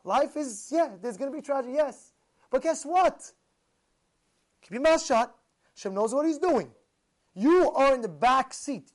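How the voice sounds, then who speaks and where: A man's voice: very high-pitched, expressive, normal speed. A man preaching as a rabbi in an emphatic, repetitive manner full of rhetorical questions. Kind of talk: sermon.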